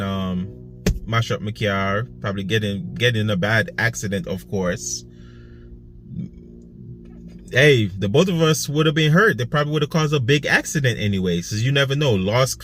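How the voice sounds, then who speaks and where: A man's voice: mid-range voice, fairly bright tone. A young man from Saint Croix with an Antiguan accent, talking casually to his vlog audience, rambling and repeating himself. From US Virgin Islands, Saint Croix. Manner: rambling, repeats himself, laughs between thoughts. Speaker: vlogger, food delivery driver. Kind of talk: casual self-filmed vlog.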